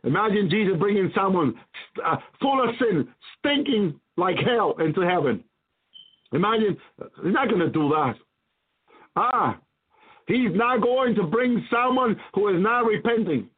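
High-voiced man preaching over a tinny line. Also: expressive, a little slow, breathy edge. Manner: fervent, repetitive pleading. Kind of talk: sermon testimony and prayer. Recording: tinny phone-like recording.

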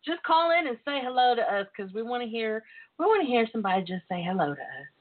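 A woman's voice: fairly high pitch, very animated, quick pace, crowd noise. Encouraging woman radio host on a phone line. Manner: earnest, encouraging, laughs often. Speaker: radio talk show host. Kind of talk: casual call-in radio chat. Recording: tinny phone-line sound.

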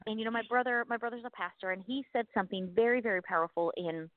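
A woman co-hosting a casual faith podcast, chatty and animated, laughing at herself as she talks. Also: fairly high pitch, fast, narrow, tinny audio. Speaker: podcast co-host.

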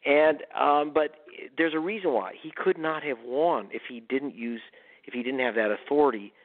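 A man's voice: on the high side, normal speed. Emphatic man guest on a phone line. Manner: emphatic, punchy storytelling. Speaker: guest author. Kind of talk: radio interview, storytelling.

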